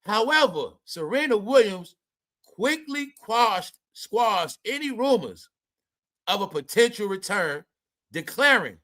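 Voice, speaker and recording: A man's voice: sits high, big pitch swings, slow, a bit bright. A man hosting a commentary video, ranting animatedly at viewers in a profane, conspiratorial way. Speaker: commentary show host.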